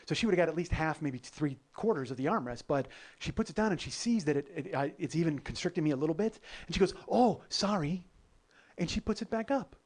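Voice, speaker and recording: A man's voice: fairly high pitch, animated, fast talker, hardly any pauses, a little mellow. A man hosting a comedy podcast, telling a long travel story in a loose, profane way and often laughing at his own jokes. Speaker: podcast host.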